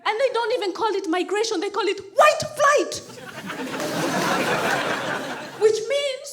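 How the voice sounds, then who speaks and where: A woman's voice: very high voice, lively intonation, takes it slowly, a bit bright, some chatter behind. A woman doing a stand-up comedy routine, laughing often and acting out characters in squealing voices. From Kenya. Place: comedy stage before a live audience.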